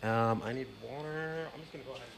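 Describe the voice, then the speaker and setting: A man's voice: medium pitch, quick pace, noisy background. A man hosting a cooking show in a kitchen, explaining a recipe step by step in a chatty, playful way and dropping in Spanish words. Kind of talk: casual cooking demonstration. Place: home kitchen.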